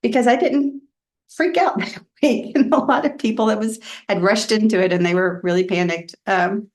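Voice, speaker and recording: A woman reverend giving a personal Dharma talk in a candid, reflective storytelling way. She often drops soft and quiet. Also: mid-range voice, normal speed.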